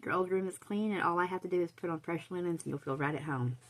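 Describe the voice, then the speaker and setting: A woman reading aloud, voicing a cheerful, kindly older woman who gushes slowly and warmly. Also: sits low, vocal fry. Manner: gushing, warm, slow.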